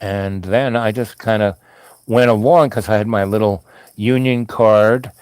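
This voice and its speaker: A man's voice: fairly low pitch, steady tone, measured pace, a little mellow, smooth, no echo. Guy rambling thru an old story, lots of side tangents, dry sound. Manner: meandering, full of asides and restarts.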